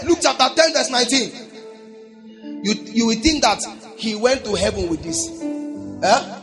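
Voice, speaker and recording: A man preaching a sermon in a church, shouting and calling out to the congregation for responses. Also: extremely high pitch, lively intonation, normal speed, pauses often. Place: church hall. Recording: long church reverb, faint music.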